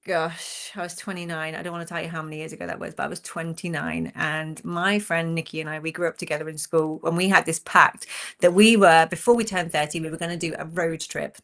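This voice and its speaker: A woman in her forties, a country singer chatting as a guest and telling stories in a lively, animated way. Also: sits low, a little fast, few pauses. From England. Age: 40s. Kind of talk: casual chat.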